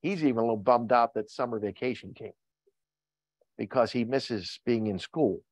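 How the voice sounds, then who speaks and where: An older man preaching a sermon as pastor, reading scripture slowly with rising emphasis, then talking plainly to his church. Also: mid-range voice, no room sound. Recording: dull lo-fi sound.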